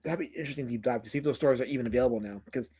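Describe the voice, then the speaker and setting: A man from New York hosting a casual chat show, rambling and animated, repeating his words. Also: medium pitch, very fast, slightly rough. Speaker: podcast host.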